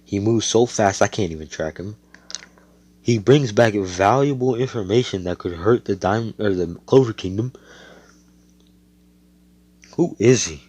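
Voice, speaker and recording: A man's voice: fairly low pitch, unhurried, long pauses, a little mellow, slightly rough, no echo. A man doing a sly, scheming old ruler.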